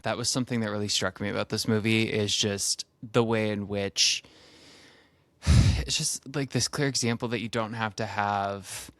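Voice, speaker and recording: A man's voice: fairly low pitch, steady tone, normal speed, a bit bright, no room sound. A man co-hosting a film podcast, talking casually and enthusiastically about a movie. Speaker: podcast co-host.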